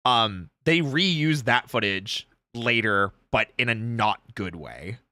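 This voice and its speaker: A man hosting a casual watch-along chat, excitedly explaining trivia with frequent restarts. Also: mid-range voice, takes it slowly, dry recording.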